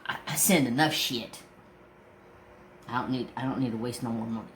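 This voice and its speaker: A craft channel host chatting casually, telling a profane story and acting out everyone's lines. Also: male voice, medium pitch, moderate pace, slight background noise. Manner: profane, animated storytelling that acts out voices. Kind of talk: casual chat.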